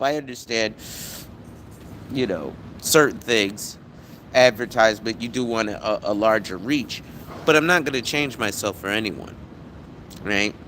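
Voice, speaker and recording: A man's voice: mid-range voice, a little slow, long pauses, slight background noise. Blunt, profane man on a live stream. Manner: blunt, profane, animated storytelling. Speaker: insurance agent and live-stream host. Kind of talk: casual live-stream talk.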